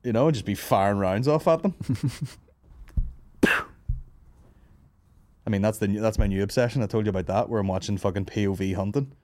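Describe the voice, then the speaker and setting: A man's voice: fairly low pitch, a little fast, long pauses, a little mellow. A man hosting a comedy podcast, telling rambling, sweary stories and laughing at his own jokes. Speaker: podcast host. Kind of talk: casual comedy podcast banter.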